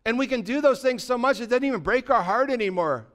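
A man with a fairly high, smooth and clear voice preaches in church, firing rhetorical questions at his listeners. He swings between loud urging and quiet, low asides, and acts out a courtroom joke with voices. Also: lively intonation, fast. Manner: tells a joke story with acted dialogue. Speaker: pastor. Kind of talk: sermon.

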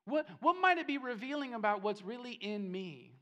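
A man's voice: very high voice, sing-song, moderate pace, sharp tone. Male pastor, sermon in a church; emphatic, repetitive, rising and falling delivery. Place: church sanctuary.

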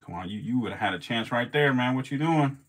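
A man's voice: medium pitch, expressive, a little fast, fairly bright tone. A man filming his snakes as they feed, laughing, swearing and talking straight to the animals in a casual vlog.

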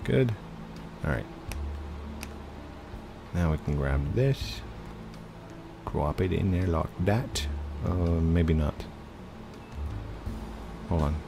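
A man's voice: sits low, drawn-out words, vocal fry, long pauses, background noise. A man hosting casual let's-play commentary at his home computer, chatting to viewers and narrating his own moves. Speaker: gaming channel host.

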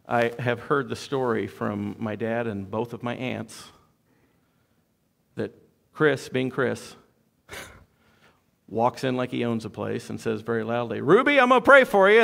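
A man's voice: mid-range voice, gravelly. A man preaching a sermon as pastor, in a conversational storytelling way with joking asides.

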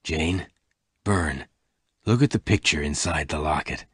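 A man voicing Lassiter, a gruff older gunman, speaking low, quiet and gentle. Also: moderate pace, dry recording, studio quality, full character voice.

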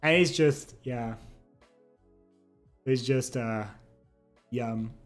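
A young man chatting casually with his stream chat, relaxed and giggly. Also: medium pitch, very slow, faint music behind. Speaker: livestreamer. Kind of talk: casual chat reading and answering viewer chat.

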